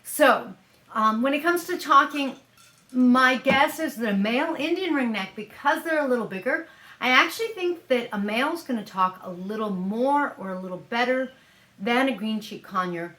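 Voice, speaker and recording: A woman's voice: a little high, expressive, normal speed, bright, forceful tone. Chatty woman, echoey room. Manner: chatty, musing, thinks aloud with hedges. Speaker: parrot-keeping vlogger. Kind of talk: casual explainer vlog. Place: at home, handling a parrot.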